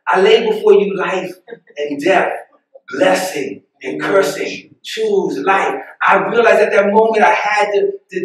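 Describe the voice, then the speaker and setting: A man preaching a sermon as pastor, telling personal stories in an animated way, often laughing at them. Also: sits high. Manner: animated, laughs at his own stories, acts out voices. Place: church sanctuary. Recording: very echoey church room, mic far off.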